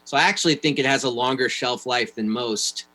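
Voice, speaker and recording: A man from New York, a guest on a panel show, talking sports in a wry, fast way with many restarts. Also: mid-range voice, bright, forceful tone, rough recording. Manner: wry, quick, restarts often. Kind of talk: casual panel chat.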